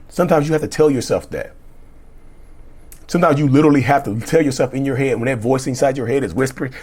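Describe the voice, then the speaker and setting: A man's voice: mid-range voice, brisk, pauses often, a little mellow, breathy edge. A middle-aged man speaking as a relationship coach, giving emphatic, repetitive, blunt motivational talk with cussing.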